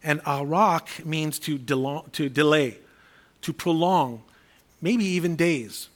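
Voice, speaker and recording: A man with a slightly raised pitch preaching a sermon. He talks in a conversational way, slipping into the voices of imagined people as he explains verses. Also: slow pace.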